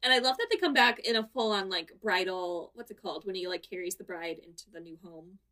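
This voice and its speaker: A woman's voice: medium pitch, fast. A woman co-hosting a podcast, chatting casually and laughing often as she retells the episode. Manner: giggly, animated storytelling. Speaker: podcast co-host. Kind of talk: casual recap chat.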